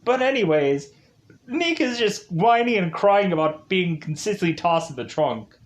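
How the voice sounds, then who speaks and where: A man's voice: high-pitched, very animated, moderate pace. A man reviewing a video game, recapping its story in a rambling, casual way full of "like" fillers. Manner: rambling, heavy use of "like" fillers.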